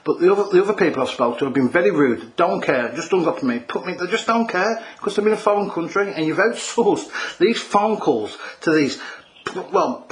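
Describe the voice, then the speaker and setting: A man's voice: high-pitched, expressive, fairly quick. A man making an irate, repetitive phone complaint as a customer, calling the agent mate.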